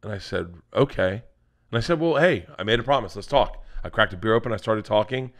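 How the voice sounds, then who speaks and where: A man on a podcast, casually telling a funny story and reacting loudly. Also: lowish voice, expressive, brisk. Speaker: podcast co-host.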